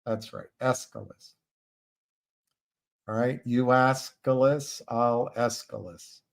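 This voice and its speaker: Slow, halting man livestreaming alone. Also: medium pitch, level tone. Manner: slow, halting, with many restarts and fillers. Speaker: livestream host. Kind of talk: casual livestream commentary.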